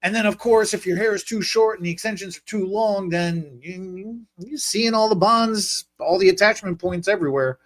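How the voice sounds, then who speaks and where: Animated storytelling male podcast host. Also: sits high, normal speed, hardly any pauses. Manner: storytelling, animated, acts out quotes. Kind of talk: casual podcast chat.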